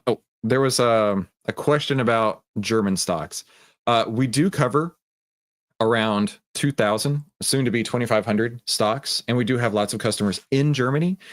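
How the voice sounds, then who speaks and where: A middle-aged Texan man runs a live trading stream in a loose, chatty way, leaning on "uh" and "um" as he goes. His voice sits at an ordinary pitch, and the sound is close and dry with no room echo. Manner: casual and chatty, many fillers. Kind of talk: livestream trading commentary.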